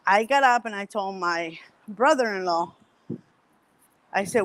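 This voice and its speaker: A woman who is a guest on a podcast, telling a story in a casual, animated way. She acts out the dialogue of the people in her story. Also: mid-range voice, a little slow, pauses often, poor audio.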